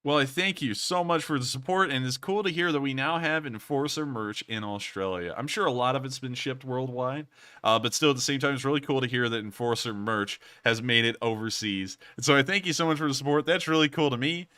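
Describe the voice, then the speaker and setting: A man's voice: mid-range voice, a little fast, sharp tone, clean tone. A man hosting a casual livestream Q&A, rambling and repeating stock phrases as he answers viewers. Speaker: host. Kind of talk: livestream commentary and Q&A.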